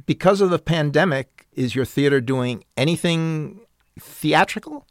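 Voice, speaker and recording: A man hosting a radio interview, asking calm, brief questions. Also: a little high, unhurried, no echo, clean studio sound.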